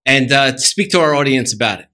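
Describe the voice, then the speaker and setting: A man's voice: mid-range voice, animated, a little fast, bright, forceful tone. A man hosting an interview show, reading out a guest's introduction and then asking questions. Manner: formal read-out intro. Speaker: podcast host.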